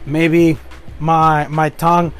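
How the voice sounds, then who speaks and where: A man's voice: a little high, flat delivery, takes it slowly, smooth. A man with a Spanish accent, a native Spanish speaker, giving an earnest motivational monologue as a podcast host, often rephrasing himself and checking in with "okay?".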